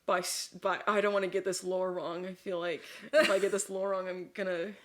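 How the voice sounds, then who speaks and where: A woman's voice: lowish voice, level tone, a little fast. A woman co-hosting a podcast, a little drunk, casually retelling a story with lots of fillers and laughing asides. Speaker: podcast co-host.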